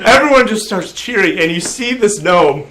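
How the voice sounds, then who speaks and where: A man narrating a tabletop game as game master, animated and laughing, breaking into loud crowd voices. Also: high-pitched, normal speed, a little hiss or hum.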